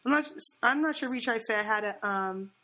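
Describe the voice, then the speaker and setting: A young woman chatting casually and telling a story in a slightly high voice. She talks in an animated way, laughs a lot and acts out what people said to her. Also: fast.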